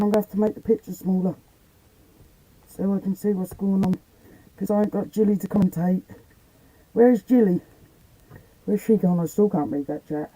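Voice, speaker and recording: A woman's voice: mid-range voice, mellow, low-quality recording. A woman chatting bluntly and casually on a live stream from the attic of an old house as a paranormal investigator.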